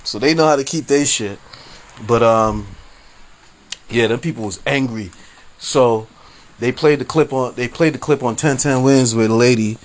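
A man's voice: mid-range voice, normal speed, long pauses. A man hosting a casual solo podcast, rambling and laughing often, full of slang and profanity. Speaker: podcast host. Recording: faint background noise.

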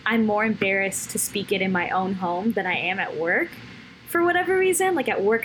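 A woman's voice: mid-range voice, expressive, fairly quick, slight background noise, low-quality recording. Young woman telling stories animatedly. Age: young adult. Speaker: podcast guest. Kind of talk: casual chat.

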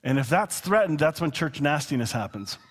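A man preaching a sermon in a relaxed, conversational way, with quick asides and chuckles. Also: a little high. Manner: conversational, chuckling, slows down to read scripture. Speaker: pastor. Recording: long hall reverb.

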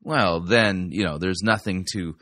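A man's voice: deep voice, unhurried, pushed and bright, no echo. A man giving sarcastic commentary on a sermon clip, explaining it as a manipulation technique. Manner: sarcastic and dry. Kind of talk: critical commentary.

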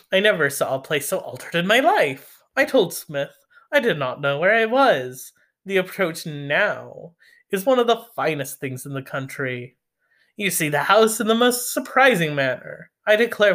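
A reader voicing a dim, pompous young gentleman landowner in an audiobook, talking in gushing, repetitive raptures. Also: mid-range voice, big pitch swings, moderate pace. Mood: eager.

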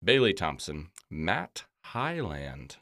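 A man's voice: low-pitched, sing-song, takes it slowly, fairly bright tone, no room sound, studio quality. A man co-hosting a podcast, reading an ad in a chatty way and poking fun at himself. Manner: chatty, self-mocking. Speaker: podcast co-host. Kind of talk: casual chat and ad read.

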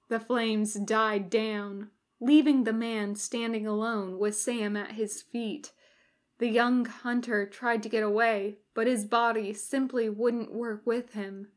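A woman narrating a fan audiobook in a measured, wry way. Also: a little high.

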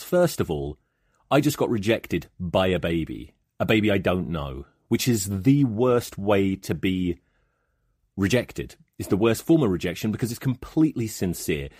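Deep, husky man telling comic stories. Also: a little mellow, no echo, studio quality. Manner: profane, rambling storytelling. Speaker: podcast host. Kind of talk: comic monologue.

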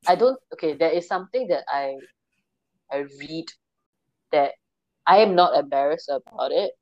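A woman with a low voice chats casually as a podcast co-host, reading out sources and laughing at herself. Her voice comes over a dull, dry, lo-fi call line. She talks in a loose, easygoing way. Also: expressive, moderate pace, darkish tone, no echo. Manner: chatty, reads sources aloud, laughs at herself. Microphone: remote call.

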